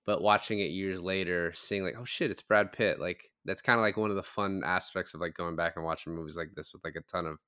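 A man co-hosts a movie podcast and talks through scenes in a relaxed, rambling way. His voice is fairly low and smooth, and he leans on fillers as he thinks aloud. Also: fairly quick, hardly any pauses. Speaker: podcast co-host. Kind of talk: casual chat.

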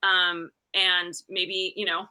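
Bright-voiced chatty middle-aged woman. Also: on the low side, slow, smooth. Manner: chatty, animated retelling with laughs and restarts. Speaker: guest. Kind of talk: casual storytelling chat.

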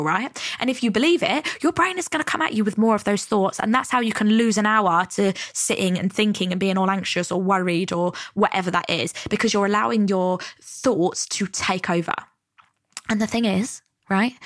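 A woman's voice: medium pitch, a bit bright, no room sound. Young woman, podcast host, chatty, casual swearing, dry close sound. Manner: chatty, swears casually, acts out inner voices. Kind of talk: casual self-help podcast monologue.

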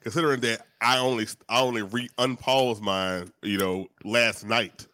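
A man with a somewhat low voice banters easily on a podcast. He talks in relaxed slang with small restarts. The recording is dry and close. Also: moderate pace, dry recording. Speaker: podcast co-host. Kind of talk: casual podcast chat.

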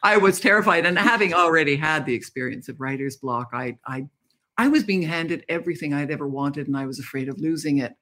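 A woman's voice: low voice, expressive, a little fast, bright, forceful tone. An older woman, a guest author speaking candidly and reflectively in an interview. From Canada. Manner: reflective, candid storytelling with laughs. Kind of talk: interview conversation.

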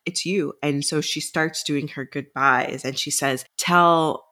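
A woman's voice: low voice, steady tone, slow, bright, forceful tone. A woman co-hosting a book podcast, casually retelling scenes with quoted dialogue and some swearing. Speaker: podcast co-host.

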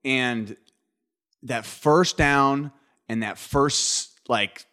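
A man's voice: medium pitch, extremely slow, sharp tone. A man co-hosting a sports talk podcast, building his points step by step in a casual, thoughtful way.

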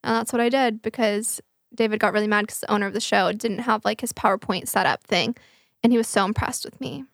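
A woman's voice: medium pitch, steady tone, a little fast, vocal fry, dry recording, clean studio sound. A woman hosting a podcast, telling stories in casual chat and swearing freely. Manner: chatty storytelling, swears freely. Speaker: podcast host.

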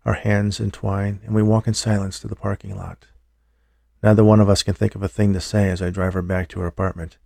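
A man narrates a first-person audiobook with a somber, measured delivery. His voice sits low and has a gravelly edge. The tone is dark, and the recording is dry and close. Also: level tone, no room sound.

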